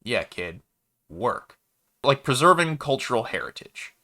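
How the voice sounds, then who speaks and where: A man's voice: mid-range voice, very animated, a little slow, bright, forceful tone, voice pushed up, exaggerated voice. A man voicing a chatty, easygoing male alien baker in a sci-fi story, with a laid-back, folksy manner. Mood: urgent. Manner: laid-back, folksy, calls the listener kid.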